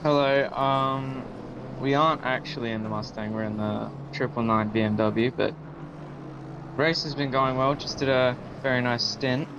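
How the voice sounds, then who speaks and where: A man's voice: mid-range voice, steady tone, normal speed, highs cut off, noisy background. A teenage boy, a sim racing driver, giving brief, hesitant answers with ums in an interview. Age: teens.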